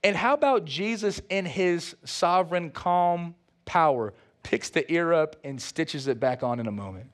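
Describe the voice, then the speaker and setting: A pastor preaching a sermon with animated delivery, playful asides and calls out to the congregation. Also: male voice, on the high side, measured pace, few pauses.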